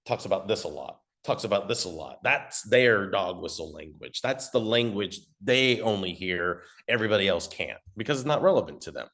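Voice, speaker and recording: A man coaching on ad marketing in a casual, rambling teaching talk, sometimes swearing and slipping into quick mock voices of customers. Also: fairly low pitch, lively intonation, fairly bright tone.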